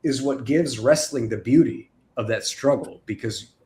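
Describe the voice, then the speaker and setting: Podcast co-host guy, rambly, lots of likes and ums, average pitch. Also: normal speed, a little mellow. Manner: rambling, filler-heavy. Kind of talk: casual chat.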